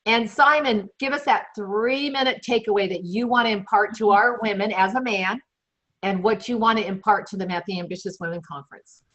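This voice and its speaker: A woman's voice: medium pitch, fairly quick, fairly bright tone, rough recording. A woman hosting a webinar, casually introducing a guest and stopping now and then to hesitate. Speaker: host.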